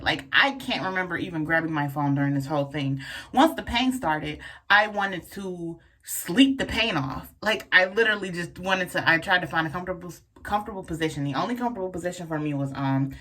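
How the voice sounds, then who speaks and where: A young woman telling a personal story in a casual vlog, frank and profane, full of fillers and lively asides. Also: on the low side. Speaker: vlogger telling a birth story.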